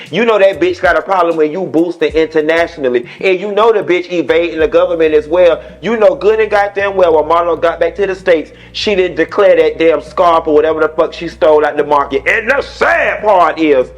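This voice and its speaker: A man with a high voice who co-hosts a reality TV recap. He rants through the gossip in a brash, profane way. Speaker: recap show co-host. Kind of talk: casual gossip commentary.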